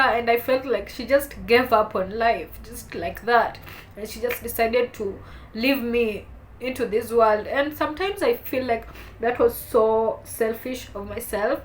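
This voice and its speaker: A young woman speaks to her viewers in a fairly high voice, fighting back tears. Her delivery is heartfelt and halting, with soft stretches that swell when emotion rises. A faint ambient hum sits behind her. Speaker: vlogger. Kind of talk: personal talk to camera.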